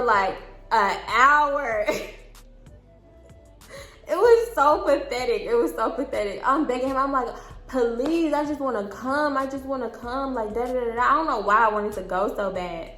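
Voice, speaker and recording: Casting: lively young woman, slightly high voice, storytime vlog, echoey room, faint music. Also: normal speed. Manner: animated, laughing, dramatic re-enactments. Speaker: storytime vlogger. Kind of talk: casual storytelling.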